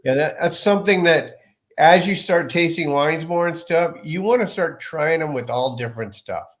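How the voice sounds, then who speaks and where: A man's voice: on the high side, normal speed. A man leading a casual wine tasting chat, explaining things patiently and telling small stories. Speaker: wine presenter.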